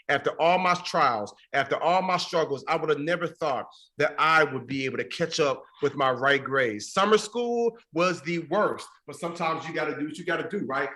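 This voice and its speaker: A man's voice: fairly high pitch, sharp tone, roomy sound. A young man giving a motivational speech to teachers, using a repetitive, preacher-like cadence with rhetorical questions. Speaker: motivational speaker. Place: stadium event space.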